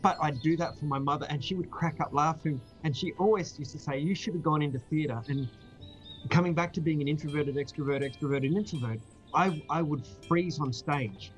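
A man's voice: fairly high pitch, brisk, lo-fi sound, faint music behind. A man from Australia, chatting casually on a livestream, rambling with many ums and restarts. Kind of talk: casual chat.

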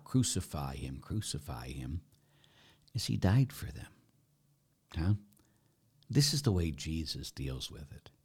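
A man, a Catholic priest and pastor, answering questions in an earnest, candid, conversational preaching style, sometimes dropping almost to a whisper for emphasis. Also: deep voice.

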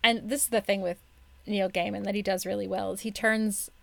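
A woman's voice: mid-range voice, steady tone, fairly quick, vocal fry, fairly bright tone, no echo. American woman, podcast co-host, chatty ranter, dry close sound. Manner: chatty, prone to little rants. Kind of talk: casual book discussion.

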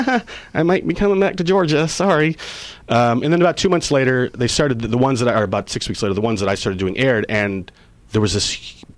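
An actor in his forties tells stories casually during an interview, mimicking quoted lines with big leaps in pitch. The recording is dry.

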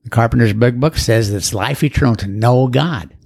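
A man's voice: medium pitch, normal speed, vocal fry, a little mellow, husky. An older man sharing his recovery story in a folksy, rambling, plain-spoken way. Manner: acts out other people's voices in quotes. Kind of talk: storytelling talk.

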